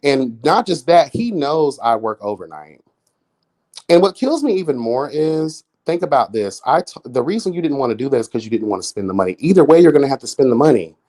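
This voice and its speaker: A man doing casual live-stream commentary, sassy and flamboyant, swearing often, jumping into high exclamations and chatting with viewers. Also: big pitch swings, fairly quick, dark tone. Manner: chats with viewers in chat.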